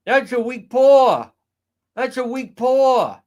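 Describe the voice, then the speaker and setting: A man doing a mocking impression of a loud local woman with a Fall River, Massachusetts accent, shrill and whiny. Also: lively intonation, slow pace, full character voice.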